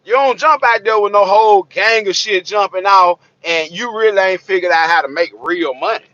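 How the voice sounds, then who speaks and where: A man's voice: sits high, normal speed, bright, forceful tone, no room sound. A man, a trucker vlogger ranting to camera in a blunt, profane, streetwise way, preaching and repeating himself. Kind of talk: blunt unscripted rant to camera. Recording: dull lo-fi recording.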